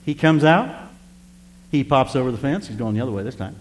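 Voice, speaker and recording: A male preacher telling a personal story in a sermon, animated and speaking straight to the congregation. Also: medium pitch, fairly quick. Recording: reverberant hall with faint hum.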